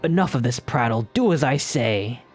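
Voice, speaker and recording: A man voicing an imperious ancient female demon queen, slow and commanding. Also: medium pitch, lively intonation, faint music behind, close to an everyday voice.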